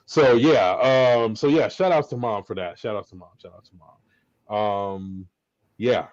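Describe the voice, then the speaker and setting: A middle-aged man co-hosting a podcast, telling a story in a casual, lively way and acting out what people said. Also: lowish voice, a little slow, no room sound. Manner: lively, animated storyteller who acts out quotes. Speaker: podcast co-host. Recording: slightly dull lo-fi audio, dry.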